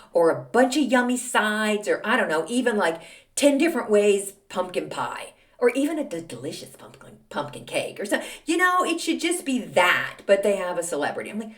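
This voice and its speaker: A middle-aged woman hosting her own podcast, telling self-mocking stories in a snarky, animated way. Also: mid-range voice. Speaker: podcast host. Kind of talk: casual solo monologue.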